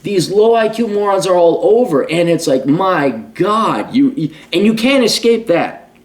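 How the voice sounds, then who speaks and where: A man's voice: high voice, sing-song, measured pace. A man in his forties in a casual monologue as a podcast host, blunt and profane, ranting. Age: 40s.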